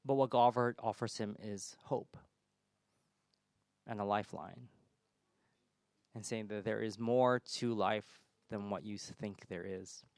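A man preaching a sermon in church, his voice swelling loud on big points and dropping soft on gentle ones. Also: on the low side, steady tone, a little slow, long pauses, no echo.

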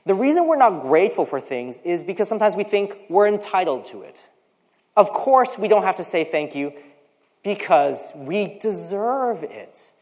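Speaking at a moderate pace with big pitch swings, this American preacher in their forties has a medium, darkish-toned voice. The sermon is conversational, packed with personal asides and acted-out quoted voices. The recording carries long hall reverb.

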